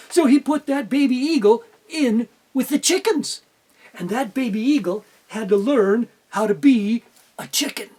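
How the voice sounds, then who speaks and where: A man telling a folksy children's story aloud, animated, with lots of sound effects. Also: very high-pitched, a little slow, slightly rough. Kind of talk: oral storytelling.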